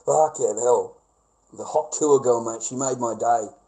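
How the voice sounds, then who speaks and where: A man's voice: mid-range voice, unhurried, warm tone, low-quality recording. An Australian man livestreaming and chatting with callers in a rambling, profane, rowdy way. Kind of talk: casual livestream chat with callers.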